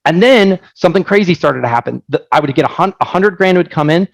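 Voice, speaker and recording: A man presenting his software on a live webinar, energetic and joking, telling stories with lots of asides. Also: on the high side, fast talker, gravelly, no echo, low-quality recording. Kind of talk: casual live product presentation.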